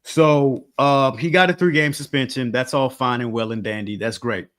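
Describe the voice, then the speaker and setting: A man's voice: mid-range voice, fairly even intonation, moderate pace, a bit bright. A man co-hosting a sports podcast in casual chat, blunt and emphatic, with some swearing. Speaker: podcast co-host.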